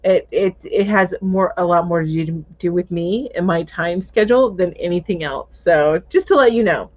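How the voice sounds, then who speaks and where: A woman's voice: on the low side, normal speed. A woman hosting a crochet live chat, reading viewer comments aloud in a chatty, casual way, thinking aloud and laughing easily. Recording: dull lo-fi livestream audio.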